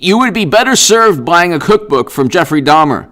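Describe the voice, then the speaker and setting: A man runs a political commentary live stream, talking sarcastically and animatedly and frequently repeating himself. His voice is on the high side and his speed is normal.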